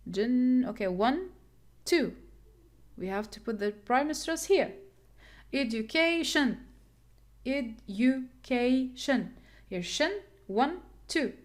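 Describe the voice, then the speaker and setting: A woman teaching English word stress, repeating words and counting syllables aloud. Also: fairly high pitch. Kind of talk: classroom lesson on word stress.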